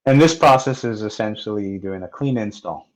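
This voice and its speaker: A man narrating a technical software walkthrough step by step, in a plain manner with occasional fillers. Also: lowish voice, moderate pace, poor audio. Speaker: software tutorial presenter. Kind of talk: screen-recorded technical walkthrough.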